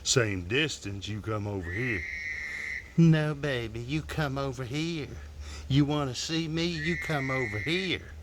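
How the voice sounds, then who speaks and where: A man's voice: mid-range voice, animated, a little slow, noisy background, close to an everyday voice. A man voicing a bickering frog couple, coaxing each other back and forth with stubborn calls.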